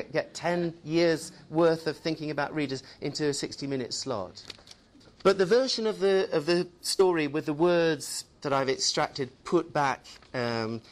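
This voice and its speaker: Chatty man leading a teacher workshop. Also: on the high side. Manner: chatty, tag questions. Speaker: teacher trainer. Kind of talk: workshop presentation.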